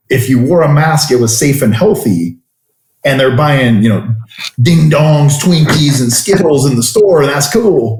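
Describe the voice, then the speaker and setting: A blunt, opinionated man who is a fitness coach, speaking at a medium pitch. His voice carries a noticeable echo from the room he is in. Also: a little mellow. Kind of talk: casual chat. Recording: roomy echo.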